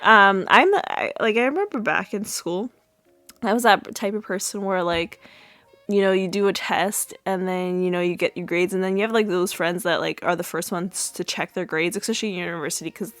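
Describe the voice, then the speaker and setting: A woman's voice: mid-range voice, moderate pace, a bit bright, no room sound, faint music behind. A young woman podcast host recapping a sitcom episode in a chatty way, full of fillers and restarts. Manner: chatty, many fillers and restarts, laughs at own retelling.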